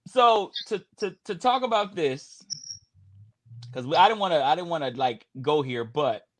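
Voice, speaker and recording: A man from Houston co-hosting a casual chat, animated and profane, often stammering and restarting. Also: high-pitched, normal speed. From Houston, Texas. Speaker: podcast co-host.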